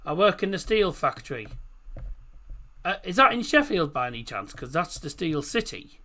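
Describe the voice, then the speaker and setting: A man's voice: on the high side, sing-song, normal speed, sharp tone. A man hosting a casual football watchalong stream, rambling through chat messages with lots of fillers.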